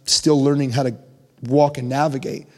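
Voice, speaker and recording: A man's voice: level tone, normal speed, a little mellow. Young male preacher in a reverberant hall. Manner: conversational preaching, rising pitch for emphasis. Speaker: pastor. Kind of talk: sermon.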